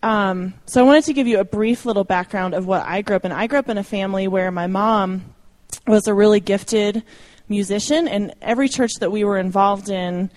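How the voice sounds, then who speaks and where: A woman's voice: mid-range voice, brisk, a little mellow. A young adult woman speaking informally to a church audience about ministry, chatty and self-deprecating, with light laughs. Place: church meeting room.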